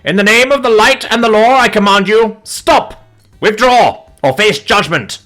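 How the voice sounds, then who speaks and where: A man's voice: mid-range voice, huge pitch swings, moderate pace, a bit bright, slightly rough, faint music behind, voice pushed up, exaggerated voice. A man voicing a pompous, righteous male knight who declaims in a ringing voice. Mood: commanding.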